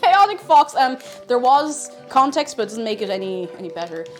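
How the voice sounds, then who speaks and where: A woman's voice: on the high side, sing-song, normal speed, soft background music. A woman telling self-mocking anecdotes in a casual live stream, with many fillers.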